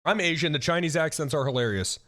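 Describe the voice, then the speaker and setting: A man's voice: a little high, quick pace. A young man streaming casual reaction commentary, ranting and swearing with many restarts. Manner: animated, profane, ranting with frequent restarts.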